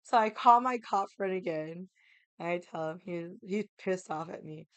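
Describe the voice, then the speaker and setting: A young woman telling a story in an animated, casual way, laughing and swearing as she acts out every voice in it. Her voice is smooth and clear. The sound is dry and close, with no room echo. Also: fairly low pitch, normal speed. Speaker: vlogger.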